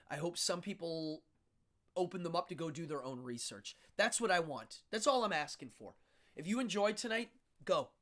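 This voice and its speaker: Chuckling frequently, a male magician from Pennsylvania, USA, runs an easygoing livestream where he chats and replies to comments from viewers. He speaks with a slightly high voice and a fairly bright tone.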